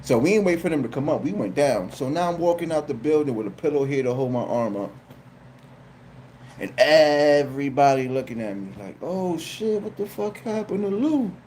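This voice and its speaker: A man, telling a funny story on a live stream, animated and profane, often repeating his phrases. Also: medium pitch, brisk, a little hiss or hum. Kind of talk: casual comedic storytelling.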